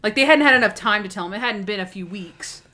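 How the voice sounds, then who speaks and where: A woman co-hosting a podcast, talking in an animated, rambling way with restarts and quoted asides. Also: mid-range voice, quick pace. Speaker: podcast co-host. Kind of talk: casual chat.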